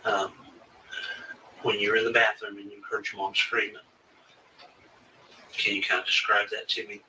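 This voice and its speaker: A man investigating a case, questioning a witness in a recorded interview with steady, probing questions. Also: on the low side, moderate pace. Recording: distant mic with faint hiss.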